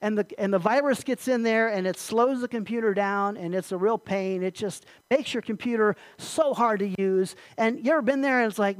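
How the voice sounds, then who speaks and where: A man's voice: sits high, normal speed, hardly any pauses, no echo, poor audio. Earnest preaching man, dry close sound. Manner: earnest preaching, repeats key phrases, clears throat. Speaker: pastor. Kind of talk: sermon.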